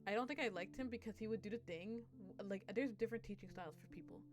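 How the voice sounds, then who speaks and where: A woman's voice: medium pitch, fast talker. A young woman streamer chatting casually on a live stream, rambling, swearing and laughing as she talks.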